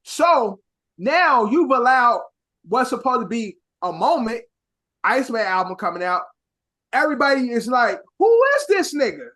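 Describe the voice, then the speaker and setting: A young man from Chicago co-hosting a podcast in casual chat, with a Chicago accent mixed with New York slang, talking in an animated, rambling way full of swearing. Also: very high voice, normal speed. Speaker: podcast co-host.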